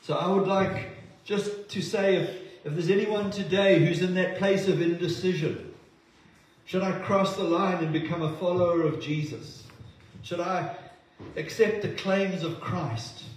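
Impassioned pastor in an echoey hall. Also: male voice, sits high, a little slow. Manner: impassioned, swings between forceful and hushed. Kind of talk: sermon. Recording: echoey hall recording from a distance.

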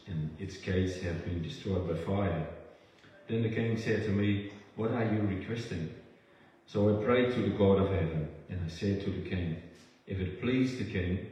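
A low, dark-toned man with a Dutch accent reads scripture aloud with care, sometimes stumbling and correcting himself. He sounds far from the mic, in a church hall with a long echo. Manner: careful, halting reading with self-corrections. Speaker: scripture reader. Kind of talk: Bible reading in church. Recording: echoey hall, distant mic.

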